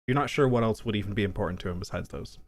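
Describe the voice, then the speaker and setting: A man's voice: lowish voice, racing. A man narrating as game master in an easygoing, explanatory way.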